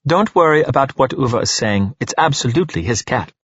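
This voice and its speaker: A man voicing a calm, teasing female neighbor who answers back with unruffled ease. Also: medium pitch, a little fast, slightly rough, no room sound, lo-fi sound, voice pushed up.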